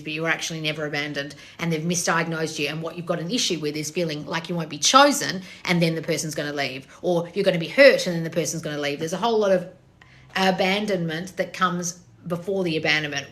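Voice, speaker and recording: A woman's voice: sits low, fast, a bit bright. A woman coach hosting a live-stream Q&A on her phone, bluntly answering viewer comments with frequent swearing and laughter. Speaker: manifestation coach.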